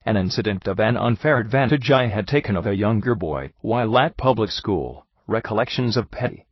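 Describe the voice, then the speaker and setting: A man reading a first-person story aloud as an audiobook, in a measured, deliberate way. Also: on the low side, no room sound, lo-fi sound. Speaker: audiobook reader.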